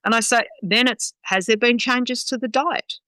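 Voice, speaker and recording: A woman talks in a blunt, sweary, matter-of-fact way. Her voice is bright and smooth. The sound is close and dry. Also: a little high, moderate pace, dry recording, low-quality recording. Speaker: guest dog trainer. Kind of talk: casual podcast chat.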